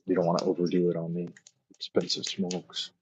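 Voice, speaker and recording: Answering his viewers during a casual late-night livestream chat, a man rambles and thinks aloud, using many fillers. His voice sits low and sounds sing-song and brisk, creaky, with a darkish tone, over slight background noise.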